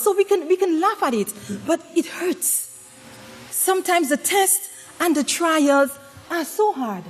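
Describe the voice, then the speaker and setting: A woman giving a dramatic, humorous sermon-style talk to a congregation, swinging between loud exclamations and hushed tones and often asking the audience questions. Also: sits high. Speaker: speaker at a women's presentation to a congregation. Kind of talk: preaching with humorous storytelling. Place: congregation gathering.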